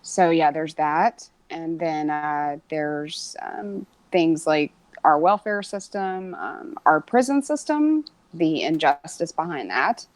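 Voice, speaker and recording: A woman hosting a casual online chat, frank and quick to swear and laugh. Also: deep voice, lively intonation, no room sound, rough recording. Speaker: podcast host.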